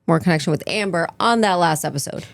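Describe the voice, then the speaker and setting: A woman's voice: lowish voice, quick pace, gravelly, no echo. A woman co-hosting a podcast, chiming in with brief reactions and quips in casual chat. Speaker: podcast co-host.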